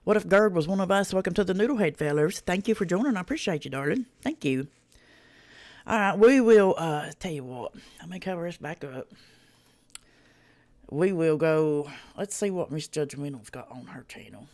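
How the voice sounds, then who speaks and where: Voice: mid-range voice, expressive, moderate pace, a little mellow. Livestream host, folksy drawl, salty language, chats with viewers. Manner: folksy, drawling, swears freely and greets chatters by name. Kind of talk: casual reaction livestream chat.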